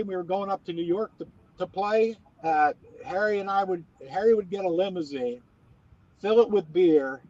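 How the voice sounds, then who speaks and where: A man's voice: high-pitched, darkish tone, no echo. Folksy rambling man from West Virginia. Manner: rambling folksy storyteller, many restarts. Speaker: guest, former ballplayer. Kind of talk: casual interview chat. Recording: dull, dry lo-fi audio.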